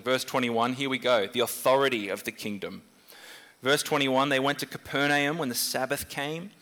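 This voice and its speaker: A man preaching a sermon in a conversational, animated way, jumping up in pitch when he voices questions. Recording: long hall reverb.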